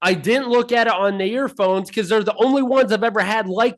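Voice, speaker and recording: A man's voice: sits high, fairly quick, few pauses. A man co-hosting a casual podcast over a call, ranting in mock anger and airing grievances. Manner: ranting, mock-angry, animated. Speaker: podcast co-host. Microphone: remote call mic.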